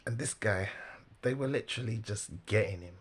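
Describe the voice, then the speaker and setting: A man giving casual, animated religious commentary, laughing often and mimicking the people he talks about. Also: on the low side, moderate pace, breathy edge.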